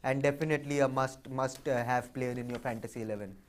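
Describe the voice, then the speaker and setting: A man's voice: medium pitch, steady tone, fast. A man co-hosting a live fantasy cricket show in a studio, talking casually, with frequent fillers and repeated words. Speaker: cricket analyst co-host.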